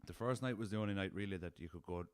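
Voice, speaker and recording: Deep-voiced Irish man telling yarns. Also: rapid-fire, smooth, no room sound, clean studio sound. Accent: Irish, west of Ireland. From Ireland. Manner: rambling anecdotal, swears freely, chuckles. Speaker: podcast host. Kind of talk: casual storytelling.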